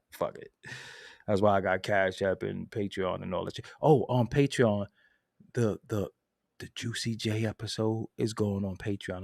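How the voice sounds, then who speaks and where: A man hosting a casual live stream, answering chat in a loud, laughing, profane way that swings from mumbling to shouting. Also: lowish voice, creaky, dry recording, studio quality. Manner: reads and answers viewer chat. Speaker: host.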